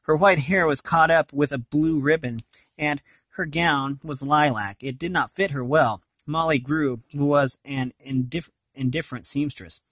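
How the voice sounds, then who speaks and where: A man reading a fantasy novel aloud in a plain, unhurried way, with frequent slips and restarts. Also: a little high, a bit bright, no echo. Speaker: reader.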